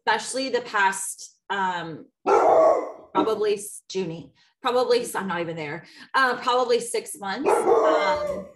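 A woman who is a guest on a podcast, chatting casually and reacting with quick interjections. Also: medium pitch, very animated. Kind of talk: casual chat.

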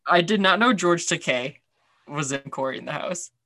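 A man's voice: on the high side, lively intonation, moderate pace, pushed and bright, dry recording. A man co-hosting a podcast, chatting casually with lots of fillers and restarts. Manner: chatty, rambling, many fillers. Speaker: podcast co-host. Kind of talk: casual chat.

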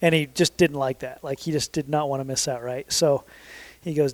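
A man's voice: fairly high pitch, fairly even intonation, normal speed, few pauses, no echo. A man in his thirties telling a long story in a casual, rambling way, correcting himself often and leaning on fillers. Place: southern Utah.

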